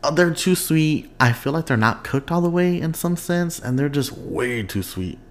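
A young man hosting his own podcast in casual, expressive chat, laughing often and wandering off on tangents. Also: fairly high pitch, normal speed, a little hiss or hum. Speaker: podcast host.

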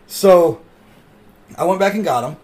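A man hosting a podcast, chatting casually and telling stories with animated delivery. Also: sits high, a little slow. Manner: animated storyteller. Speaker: podcast host. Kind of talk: casual chat.

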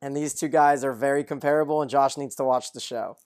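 A podcast host who reads listener mail and recaps a TV episode in a brisk, steady run of summary. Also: mid-range voice.

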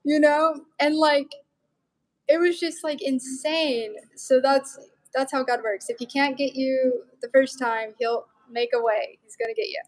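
A young woman with a high voice shares a personal story as a guest. She talks in an animated, chatty way, filling her sentences with "like" and "you know". She comes from Montana. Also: measured pace, poor audio. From Montana, USA. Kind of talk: personal testimony in casual chat.

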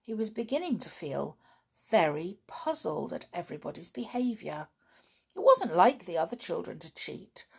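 A woman reading a children's story aloud, in an expressive, unhurried way. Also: on the low side, gravelly, husky.

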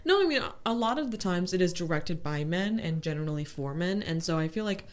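A young woman from Oklahoma co-hosting a podcast in casual chat, telling animated stories with loud laughing bits. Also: lowish voice, a little fast. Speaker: podcast co-host.

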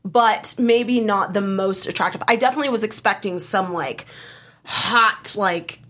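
A woman's voice: medium pitch, measured pace, fairly bright tone. A woman chatting and joking as a panelist in a casual talk. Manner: chatty, jokey.

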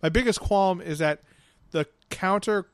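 Young man, high voice, podcast co-host, joking, blunt, dry recording. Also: measured pace, smooth, no echo. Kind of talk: casual chat.

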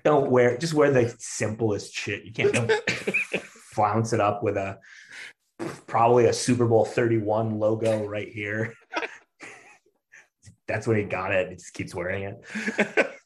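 A man's voice: on the low side, a little slow, pauses often. A man telling a story in casual chat, full of fillers and restarts, laughing often and acting out what people said. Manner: animated storyteller, acts out quotes, laughs often. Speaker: stand-up comedian guest.

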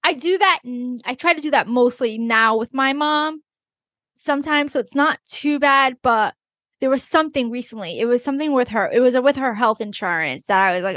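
Recorded at studio quality with no room sound, this podcast co-host is a young woman with a high voice speaking at normal speed. She laughs a lot while spinning lively stories in relaxed conversation.

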